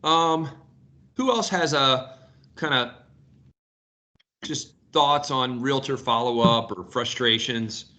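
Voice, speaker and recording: A man in his fifties leading a sales team video call, telling stories in an animated way and swearing casually. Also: mid-range voice, slow pace, pauses often. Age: 50s.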